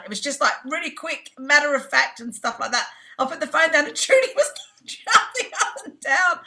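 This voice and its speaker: Bright, animated English woman storyteller. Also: fairly high pitch, moderate pace. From England. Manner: animated storyteller who acts out quoted voices. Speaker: jazz singer, guest. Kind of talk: casual storytelling interview.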